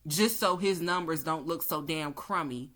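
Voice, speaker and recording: Tarot reader, woman, lowish bright forceful voice, blunt profane ranting. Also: moderate pace. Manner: blunt, heated, cussing freely.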